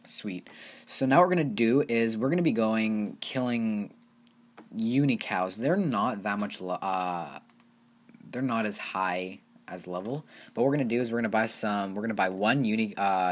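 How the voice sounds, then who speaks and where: A man hosting his own gaming channel, giving casual, rambling gameplay commentary and getting excited over small wins. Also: lowish voice, unhurried. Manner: rambling, easily excited, talks to viewers as "you guys".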